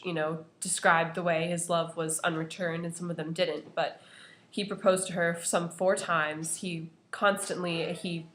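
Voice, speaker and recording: Young woman talking through a poem for class, kinda low voice, echoey room. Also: fairly bright tone, slight background noise. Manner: earnest, many "you know" fillers. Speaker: student analysing a poem. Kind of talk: casual class presentation.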